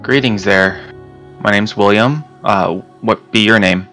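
A man voicing a formal, measured werewolf who uses slightly archaic wording in a tabletop game. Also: on the low side, pushed and bright, soft background music. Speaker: player.

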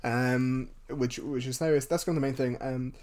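A man's voice: mid-range voice, steady tone, moderate pace, darkish tone. A man co-hosting a podcast, recapping a film casually with wry, joking asides. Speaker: podcast co-host.

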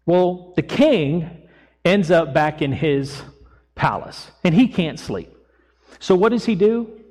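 Guy pastor preaching, kinda high voice, big church echo, tells the story like he's chatting. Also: normal speed, a little mellow. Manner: storytelling sermon, acting out quotes casually. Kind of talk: sermon. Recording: long echo of a church hall.

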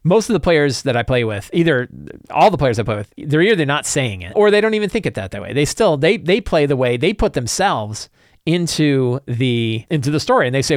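A man's voice: fairly high pitch, very animated, a little fast, no room sound, studio quality. A middle-aged man talking casually as a game master about preparing his next session, thinking aloud with frequent restarts. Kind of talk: casual solo talk about game prep.

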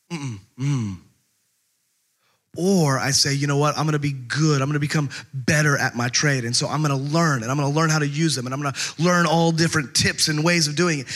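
Bright-voiced man preaching a casual sermon. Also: high-pitched. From California. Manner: conversational, animated storytelling with many fillers. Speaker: pastor.

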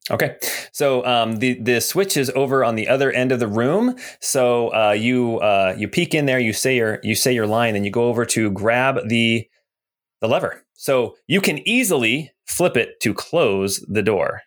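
A man's voice: medium pitch, moderate pace. A man running a tabletop game as game master, narrating in an easygoing way with lots of fillers.

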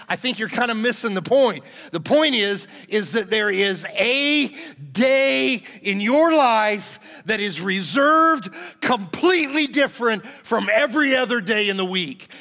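High-voiced folksy pastor preaching. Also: male voice, sharp tone. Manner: folksy, joking with the congregation. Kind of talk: sermon. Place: church sanctuary. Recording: long hall reverb in a church.

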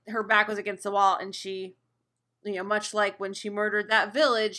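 A woman's voice: mid-range voice, pushed and bright. A woman co-hosting a casual TV recap podcast, working through her reading of a character in a thoughtful way. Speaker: podcast co-host.

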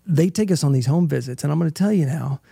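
A middle-aged man tells a deeply personal story with a heavy gravelly rasp and a husky edge to his slightly high voice. His tone is dark and earnest, and he keeps checking in with the listener. The sound is close and dry, with no room around it. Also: quick pace, no echo. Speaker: interview guest.

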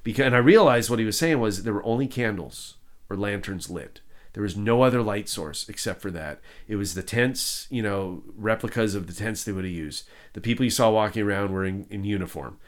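A man hosting a podcast in casual chat, telling self-mocking stories and acting out other people's lines. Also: a little fast. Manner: animated, self-mocking, acts out quotes in high voices. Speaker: podcast host.

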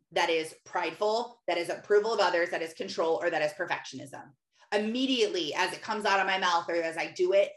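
A woman's voice: mid-range voice, a bit bright. A woman in her thirties telling her faith story in casual, rambling talk, full of "like". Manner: rambling, heavy use of "like". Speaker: speaker sharing a faith testimony. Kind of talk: casual personal testimony. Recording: roomy echo.

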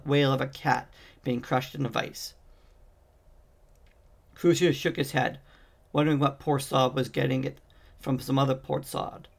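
A man's voice: medium pitch, vocal fry. A man reading a fantasy novel aloud as an amateur audiobook narrator, stumbling and restarting on words now and then. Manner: reads with frequent slips and restarts. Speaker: audiobook reader.

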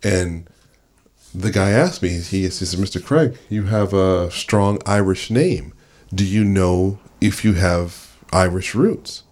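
Man, low-pitched, chatty storytelling host who slips into quoted voices. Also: takes it slowly, darkish tone. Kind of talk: family conversation, storytelling.

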